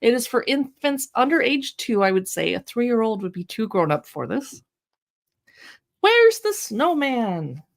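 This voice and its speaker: At home on a casual live shopping stream, a woman chats brightly about books and decor, reading short passages aloud in playful voices. Her voice sits a little high and sounds expressive and creaky, moving at normal speed with hardly any pauses. She's recorded on her own microphone held close.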